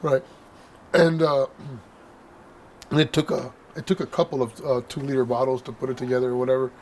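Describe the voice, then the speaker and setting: A man in an interview telling candid stories, keeps adding "right?" and gets animated. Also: medium pitch, a little fast, slight background noise. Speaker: interview guest, copwatcher.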